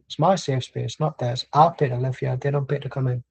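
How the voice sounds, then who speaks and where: Guy for a match watchalong, mellow husky voice, rambling, blunt, sweary. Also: medium pitch, steady tone, brisk, low-quality recording. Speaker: watchalong streamer. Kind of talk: casual live match commentary. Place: at home.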